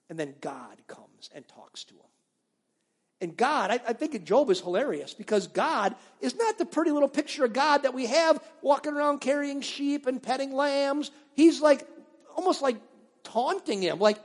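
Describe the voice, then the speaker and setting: A man preaching a sermon as a pastor, telling stories with animated swings between loud and hushed. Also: very high-pitched, moderate pace, big-room sound. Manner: animated storytelling, acting out biblical voices, dropping to near-whispers.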